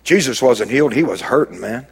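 A man preaching a sermon as a pastor, dropping low and quiet and then rising to emphatic, raised lines. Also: expressive, a little fast, creaky, slightly rough.

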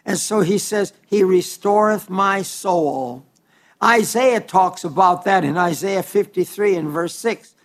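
A man's voice: high-pitched, measured pace. An older man preaching a folksy sermon, stumbling and repeating words as he tells homespun stories.

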